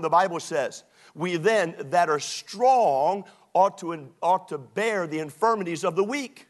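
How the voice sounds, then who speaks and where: A man preaching a sermon as a pastor, animated and mocking, often breaking into quoted put-on voices. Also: sits high.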